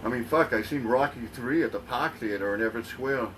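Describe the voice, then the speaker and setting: Middle-aged dude on a podcast, swearing a lot, kinda far from the mic, faint noise. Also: male voice, mid-range voice, fairly quick. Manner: profane, chatty, reminiscing. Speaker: podcast co-host. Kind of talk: casual chat.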